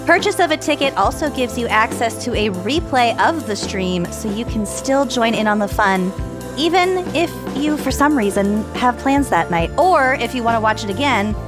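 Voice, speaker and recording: A woman co-hosting a casual podcast chat, upbeat and quick to laugh. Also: fairly high pitch, expressive, over music. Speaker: podcast co-host.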